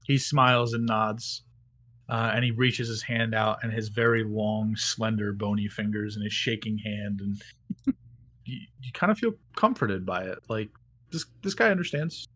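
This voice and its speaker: A man's voice: lowish voice, normal speed, sharp tone, slightly rough. A man narrating casually as game master, rambling with lots of fillers and restarts.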